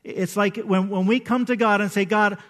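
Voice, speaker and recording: Speaking at a normal speed in a voice that sits high, a male pastor delivers his sermon conversationally and with animation. He performs the voices of the people he quotes.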